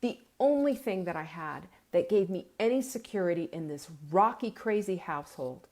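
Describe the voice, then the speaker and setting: A woman's voice: on the low side, animated, moderate pace, a little mellow. A middle-aged woman hosting a live meal-planning show, giving an earnest, urging pep talk, at times tearful.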